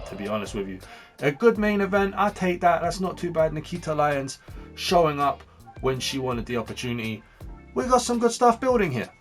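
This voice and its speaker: Chatty young guy doing game commentary, mid pitch, fast then slow, quiet music behind. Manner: chatty and upbeat, jumping between fast and slow. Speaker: gaming channel host. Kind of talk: casual gameplay commentary.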